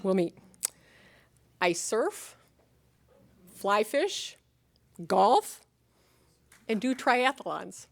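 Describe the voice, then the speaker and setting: A middle-aged woman with an Upper Midwest American accent delivers a convocation address as a college president. She speaks earnestly and rallies her listeners, asking rhetorical questions and slipping in light humor. Her voice sits at an ordinary middle pitch. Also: sing-song, drawn-out words, creaky, pauses often. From Upper Midwest of the United States.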